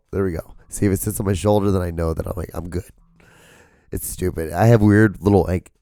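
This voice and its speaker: A hoarse young man with a sore voice, rambling casually on his solo podcast, full of fillers and a slight upspeak. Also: low-pitched, warm tone, no room sound, studio quality. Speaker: podcast host. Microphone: camera mic, solo filming.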